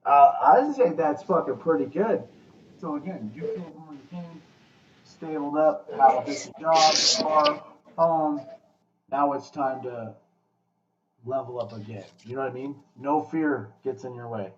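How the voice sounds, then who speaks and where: A man hosting a podcast, talking casually in a blunt, profane, animated pep-talk way. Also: fairly high pitch, measured pace, slight background noise. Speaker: podcast host. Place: room with guests. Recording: echoey, distant, muffled room mic.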